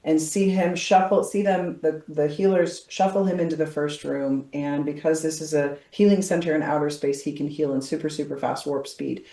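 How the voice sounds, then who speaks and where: A woman tapping coach, calmly directing and leading a guided visualization. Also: low voice, moderate pace, few pauses. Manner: calm, directive, guiding visualization. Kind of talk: guided healing session. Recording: roomy echo, distant from mic.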